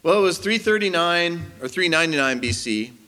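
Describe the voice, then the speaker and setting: A man preaching a sermon as pastor, animated and rising to emphasis. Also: fairly high pitch, brisk. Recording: long hall reverb.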